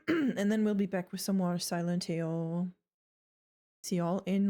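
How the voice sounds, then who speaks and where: A woman's voice: fairly low pitch, unhurried, pauses often, warm tone. A young woman with an accent gives casual, playful live-stream commentary on a horror game. She swears a lot and scolds the characters on screen, talking from a room at home. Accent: non-native.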